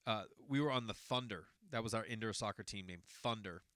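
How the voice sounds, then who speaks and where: A Boston-area man in his forties hosts a podcast and tells a long personal story, rambling casually and correcting himself. His voice sits on the low side, and he speaks briskly with a fairly bright tone, recorded at studio quality with no room sound.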